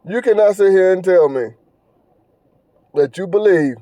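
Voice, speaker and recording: A man hosting a podcast speaks on his own in a high, mellow voice, a little on the slow side. He is casual but earnest and preachy, with repeated phrases and stumbling fillers. There's no echo, though the highs are cut off.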